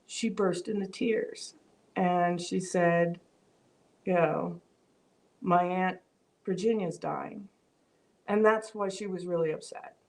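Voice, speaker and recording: A woman's voice: lowish voice, steady tone, slow pace. Woman chatting on her live stream, thoughtful, lots of um and you know. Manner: reflective, many fillers and restarts; reads viewer comments aloud. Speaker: vlog host. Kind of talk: casual live-stream talk.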